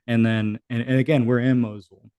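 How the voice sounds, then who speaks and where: A man's voice: medium pitch, flat delivery, normal speed, dark tone, smooth, no echo. A man in his thirties, a military veteran guest on a podcast, telling a war story in a casual, profane way. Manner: casual, profane, acts out quoted dialogue. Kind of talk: conversational storytelling.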